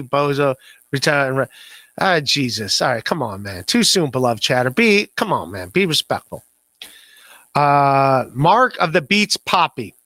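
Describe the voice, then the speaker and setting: Laughing, stammering man with a bright voice. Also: on the high side, no echo. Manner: rambling, self-deprecating, laughs often, stammers. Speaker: podcast host. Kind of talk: casual livestream chat, reading chat messages.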